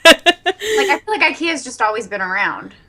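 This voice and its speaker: High, lively-voiced woman guest. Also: moderate pace. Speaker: guest actress. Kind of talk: casual chat.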